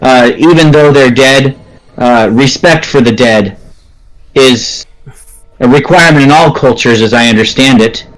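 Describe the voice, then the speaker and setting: A man's voice: medium pitch, measured pace, a bit bright, close to an everyday voice, poor audio. A man playing a stern, proper young adventurer woman. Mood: stern scolding. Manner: formal, scolding.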